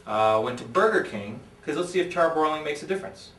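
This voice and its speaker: A man hosting a joking video segment, teasing his co-worker in a deadpan way. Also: fairly high pitch, fast. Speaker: host. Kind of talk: joking casual chat. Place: newspaper office room. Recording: roomy audio, mic at a distance, faint noise.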